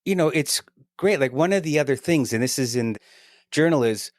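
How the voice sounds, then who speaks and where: A middle-aged man talking as a guest in a casual podcast conversation, energetic and chatty, often tagging his points with "right?". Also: medium pitch, moderate pace, no room sound, clean studio sound.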